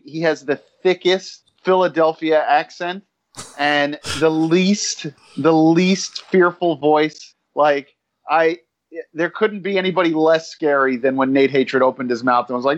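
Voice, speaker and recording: A man's voice: on the high side, measured pace. A man co-hosting a wrestling podcast in casual chat, rambling and swearing with self-deprecating humor. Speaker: podcast co-host.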